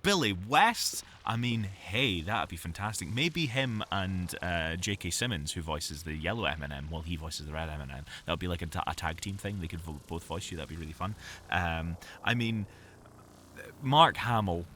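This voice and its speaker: Deep-voiced, jokey male voice actor. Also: lively intonation, moderate pace, bright, forceful tone, slight background noise. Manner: jokey and self-mocking, full of fillers and restarts. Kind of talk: playful rambling monologue. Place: home audio booth.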